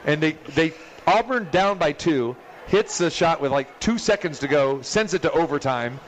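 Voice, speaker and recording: A man hosting a casual sports betting chat, telling animated stories and acting out what others said. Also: normal speed, a little hiss or hum. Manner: animated storyteller, acts out quotes with loud high bursts. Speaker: sports betting show host.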